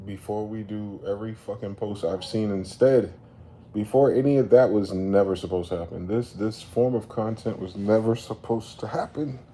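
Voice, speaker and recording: A man ranting in a late-night commentary vlog, animated and profane, repeatedly telling listeners to slow down. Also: fairly low pitch, slight background noise. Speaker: commentary vlogger. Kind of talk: late-night rant to camera.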